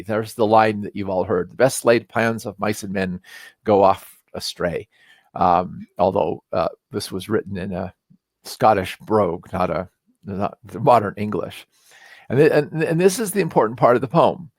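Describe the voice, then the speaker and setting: A man teaching a recorded lesson, explaining casually with fillers and reading verse slowly with emphasis. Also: fairly low pitch, no echo. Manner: explains in a relaxed, conversational way with fillers. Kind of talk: recorded lecture.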